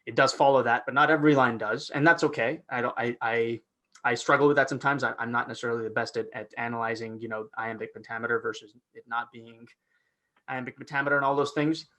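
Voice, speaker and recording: A man, a guest actor, talking through his process in a casual teaching chat, animated and full of restarts and fillers over a video call. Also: medium pitch, fast talker.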